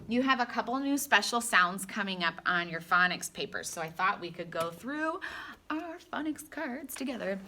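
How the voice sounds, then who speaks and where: A woman teaching a phonics lesson to young children in a slow, sing-song teacher voice, stretching out sounds and adding playful asides. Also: mid-range voice. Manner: animated, with gasps and playful asides. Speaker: elementary school teacher.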